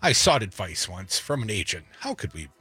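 A man co-hosts a talk radio show with sarcasm and rambling emphasis. His voice is bright and husky and swings up and down in pitch. It sits close and dry on a studio mic with faint music underneath. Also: very animated, moderate pace, dry recording. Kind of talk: opinionated talk radio banter. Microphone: studio microphone.

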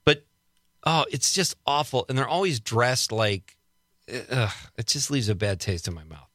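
A male radio host with a bright, forceful voice, talking casually and cracking jokes. His voice is recorded close and dry, with no room sound around it. He laughs often as he riffs on small complaints. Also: medium pitch, animated, moderate pace, no echo. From Wisconsin. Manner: chatty, joking, laughs often. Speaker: radio talk show host.

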